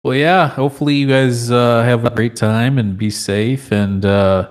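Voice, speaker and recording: A man hosting a podcast in casual chat, laid-back and quick with laughing asides. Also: medium pitch, fairly even intonation. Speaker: podcast host.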